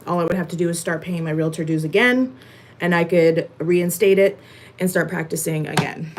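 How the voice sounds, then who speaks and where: A young woman with a slightly low voice talks casually to her viewers at home while doing chores. She rambles along with plenty of fillers, sounding a little out of breath as she works. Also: normal speed. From Massachusetts. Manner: chatty, rambling, many "like" and "um" fillers. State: a bit out of breath. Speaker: vlogger chatting with viewers.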